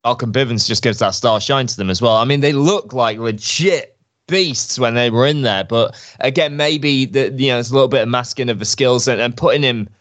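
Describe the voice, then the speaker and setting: Male co-host, mid-pitched, upbeat and jokey, easy banter. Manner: enthusiastic, jokey. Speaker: wrestling podcast co-host. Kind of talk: casual chat.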